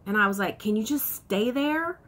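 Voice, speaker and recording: A woman in her fifties chatting to camera in a casual vlog, telling stories with excitement. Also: a little high, moderate pace, slightly rough. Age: 50s. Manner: excitable, animated storytelling with laughs. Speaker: vlogger.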